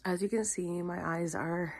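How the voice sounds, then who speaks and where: A woman's voice: on the low side, fairly even intonation. Weary young woman vlogging to her phone. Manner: emotional, rambling, fast when telling a story. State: tired and weepy. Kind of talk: casual vlog.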